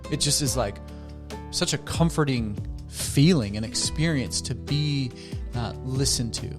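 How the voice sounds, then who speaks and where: A man working as a counselor, calmly teaching a conflict technique and acting out sample dialogue between partners. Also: medium pitch, unhurried, music in the background. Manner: calm, demonstrates dialogue by acting out both partners. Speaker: therapist. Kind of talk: educational talk to camera.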